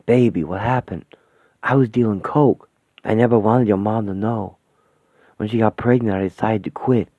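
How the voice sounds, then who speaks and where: A man voicing a gruff, slangy ghost father in a radio play. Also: moderate pace, no room sound, close to an everyday voice. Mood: grave. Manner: rough slangy talk, lowered gruff voice. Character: ghostly street-tough father, gruff and tender. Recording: thin phone-like, dry sound.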